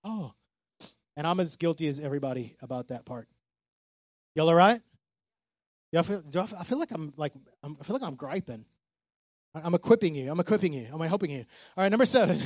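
A man preaching a casual, animated sermon as a pastor, acting out the people he quotes. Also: fairly high pitch, fairly quick, pauses often, no echo.

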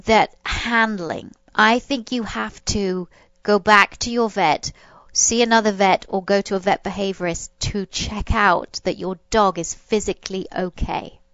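A woman's voice: mid-range voice, a bit bright, smooth, dry recording, highs cut off. A woman hosting a podcast, giving dog-training advice in a reassuring, loose manner, often restarting her sentences.

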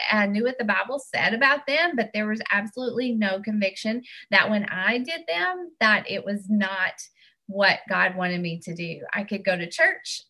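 A woman's voice: mid-range voice, bright, forceful tone. A woman giving a personal faith testimony, earnest and heartfelt, sometimes restarting her words. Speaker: church member giving testimony.

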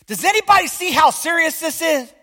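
High-voiced fiery preacher in a hall. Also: male voice, animated, fairly quick, sharp tone. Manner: emphatic, fiery, questions the congregation often. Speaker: pastor. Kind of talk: sermon. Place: church. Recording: long hall reverb.

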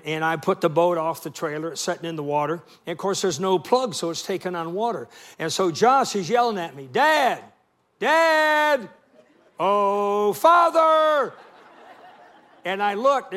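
A man's voice: fairly high pitch, fairly bright tone. Folksy middle-aged male preacher. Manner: folksy storytelling with call and response. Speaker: guest preacher. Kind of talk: sermon.

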